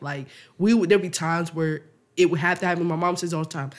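A man's voice: fairly high pitch, fast, few pauses. A man co-hosting a podcast in casual chat, telling stories with lots of laughter, acting out quotes and swearing freely. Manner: animated storytelling, laughs often, acts out quotes, swears freely. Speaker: podcast co-host.

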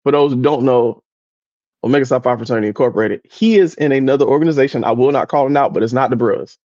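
A man in casual podcast chat, telling an animated story full of impressions and laughter. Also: mid-range voice, fast, no room sound, muffled recording. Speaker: podcast co-host.

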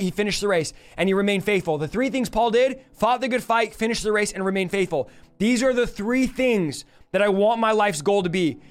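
A man teaching a Bible study in an earnest way, reading scripture aloud and at times sounding moved. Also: sits high. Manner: earnest, reads scripture aloud, grows emotional.

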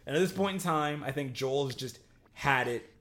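A young man co-hosting a casual chat, retelling scenes in an animated, exclamatory way with plenty of slang. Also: mid-range voice, moderate pace. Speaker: podcast co-host.

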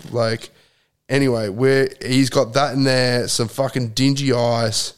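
A man co-hosts a casual podcast chat. He tells a long, rambling story packed with swearing and fillers. His voice sits at an ordinary middle pitch. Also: steady tone, measured pace, clear, resonant tone. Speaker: podcast co-host.

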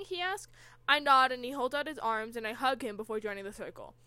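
Host: high, bright woman reading fanfic aloud, giggly, dry close mic. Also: a little fast, clean tone, no room sound. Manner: giggly, often laughing mid-sentence. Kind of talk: comedic reading with banter.

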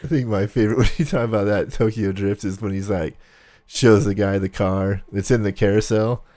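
A man's voice: on the low side, fairly even intonation, a little fast, warm tone, no room sound. A man guest on a casual podcast, teasing the others and laughing. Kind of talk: casual chat.

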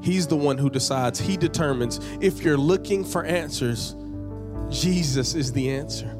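A man preaching a sermon as pastor, repeating phrases and building to emphatic high peaks, sometimes dropping into casual slang. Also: measured pace, music in the background. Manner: conversational, uses casual slang.

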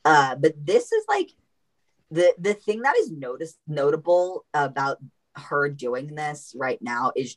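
A woman narrating as game master in a tabletop role-playing game, halting and emotional with many fillers. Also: rumbling low, low-quality recording.

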